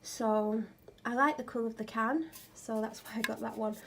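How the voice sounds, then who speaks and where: Woman, ill and tired, rambling casual home vlog, slightly high voice, faint background hiss. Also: normal speed, creaky. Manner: chatty, rambling, self-mocking. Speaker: vlogger. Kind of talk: casual chat. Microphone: clip-on microphone.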